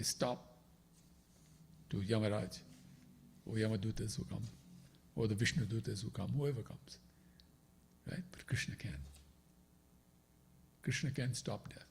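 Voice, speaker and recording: A man's voice: a little high, darkish tone, husky. A man giving a devotional scripture class, explaining each verse and checking with listeners by asking "right?". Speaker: spiritual teacher.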